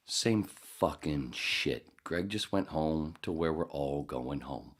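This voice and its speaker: A man hosting a podcast in a rambling, profane casual monologue, now and then jumping into loud high voices. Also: slow, hardly any pauses. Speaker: podcast host.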